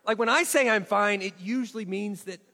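A man tells a story at his own expense to a live audience, keeping it light and joking. His voice is high for a man, and it carries a long reverb from the hall. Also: a little fast, bright, forceful tone. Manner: self-deprecating, humorous. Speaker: speaker.

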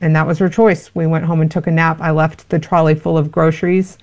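A woman's voice: deep voice, little pitch movement, fairly quick, darkish tone. A woman giving parenting advice in an interview, earnest and explanatory, with many fillers. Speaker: parenting expert guest.

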